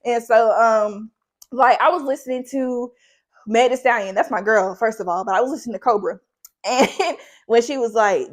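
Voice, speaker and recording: A woman's voice: fairly high pitch, fast. A young woman chatting casually in a faith vlog, rambling, saying "like" often and laughing between thoughts. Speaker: faith vlogger.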